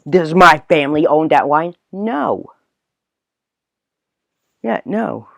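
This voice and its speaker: A man's voice: fairly high pitch, very animated, slow, gravelly, no echo. A man hosting a solo podcast, ranting in a rambling way full of filler words. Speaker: podcast host. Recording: dull, dry, lo-fi recording.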